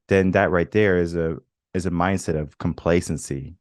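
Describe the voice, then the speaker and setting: Male podcast host in his thirties, very low voice, dry close sound, reflective storyteller. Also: fairly even intonation, normal speed, darkish tone, no room sound. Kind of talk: conversational interview.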